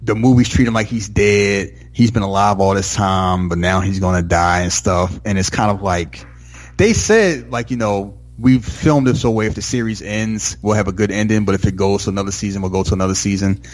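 Speaking on the low side and slightly quickly, a man goes over a TV episode in casual conversation with his podcast co-host. He gets animated and breaks into the characters' lines in the middle of his story.

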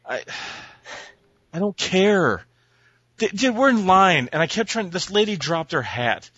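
Brief: man, podcast co-host, animated ranting storyteller, bright voice, dry lo-fi sound. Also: sits high, a little slow, breathy edge, dry recording. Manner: profane, exasperated, acts out voices in his stories. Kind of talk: casual chat, ranting storytelling.

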